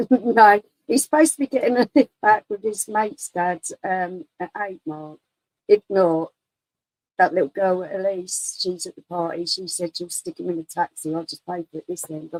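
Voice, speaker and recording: A woman's voice: lowish voice, unhurried, darkish tone, dry recording, poor audio. A middle-aged woman, a mother of young adults, chatting bluntly in a casual way. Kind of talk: casual chat.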